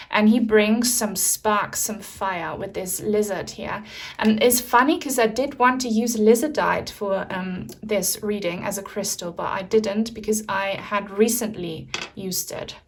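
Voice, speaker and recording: A woman giving a pick-a-card tarot reading to camera, speaking softly with many pauses and fillers and sounding moved. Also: medium pitch. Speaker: tarot reader.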